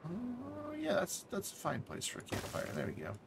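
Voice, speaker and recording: A man's voice: high-pitched, wildly swooping pitch, moderate pace, creaky, background noise. A man casually commenting while playing a game on a live stream, thinking aloud, correcting himself and dropping jokey asides.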